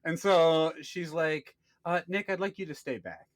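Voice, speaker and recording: A man in his thirties, co-hosting a casual podcast, telling a story with lively acted-out quotes and plenty of swearing. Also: fairly high pitch, a little slow, no echo. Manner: animated storyteller, acts out quoted people, swears freely. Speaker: podcast co-host.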